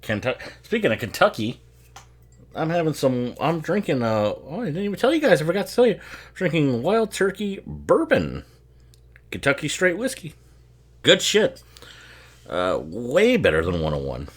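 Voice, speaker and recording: Lively, profane man riffing on a movie. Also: fairly high pitch, normal speed. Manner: profane, laughing often, rambling. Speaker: movie commentator. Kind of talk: casual watch-along commentary.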